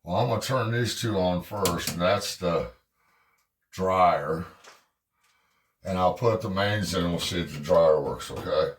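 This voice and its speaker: Middle-aged man, slow-talking, profane casual storyteller, distant mic. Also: low voice, slight background noise. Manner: profane, rambling, laughs often. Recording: roomy sound from a distance.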